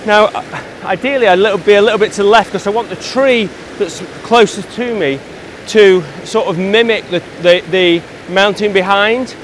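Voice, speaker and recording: A man's voice: sits high, normal speed, hardly any pauses, a little hiss or hum, low-quality recording. An English man filming a casual photography vlog outdoors on a mountain, talking with enthusiasm as he hikes and shoots. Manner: enthusiastic, talks while hiking and shooting. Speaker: landscape photography vlogger.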